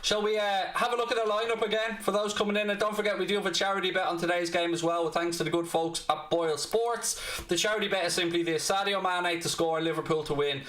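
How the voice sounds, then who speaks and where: Dublin Irish host, blunt and cheeky, bright edgy voice, a bit high, roomy echo. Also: male voice, steady tone, fast. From Ireland, Dublin. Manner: blunt, cheeky, swears freely. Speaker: fan channel host. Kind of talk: football watchalong chat.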